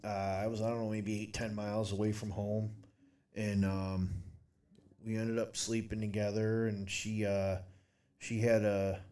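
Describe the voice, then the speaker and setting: A young man on a podcast tells a long, messy story, swearing often and laughing at his own lines. His voice sits fairly low. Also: a little mellow, distant mic. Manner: rambling, profane, laughs through his story. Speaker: podcast co-host. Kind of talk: casual storytelling chat.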